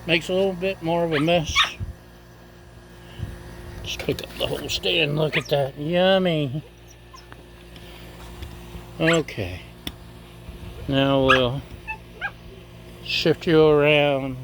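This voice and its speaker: A man's voice: on the high side, fairly even intonation, takes it slowly, gravelly, pauses often, noisy background. A man casually demonstrating his cooking on a griddle, chatty and self-deprecating, tasting as he talks. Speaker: cooking vlogger.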